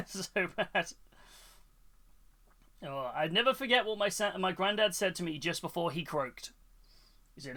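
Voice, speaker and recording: Bright-voiced chatty male streamer. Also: high-pitched, lively intonation, a little slow, long pauses. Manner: chatty and rambling, reading chat and telling corny jokes. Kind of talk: casual live-stream chat.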